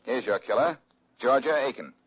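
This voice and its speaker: A man's voice: medium pitch, expressive, slightly rough. An actor playing a breezy, wisecracking male detective in a 1940s radio drama, old lo-fi recording. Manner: breezy, teasing, quick with quips. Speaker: detective lead. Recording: dull lo-fi old radio recording with faint hiss.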